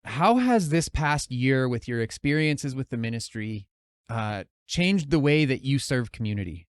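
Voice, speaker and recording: A man's voice: medium pitch, big pitch swings, unhurried, smooth, no room sound, clean studio sound. A man hosting a podcast, asking short prompting questions. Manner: short prompting questions and back-channel replies. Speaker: podcast host. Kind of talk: interview questions.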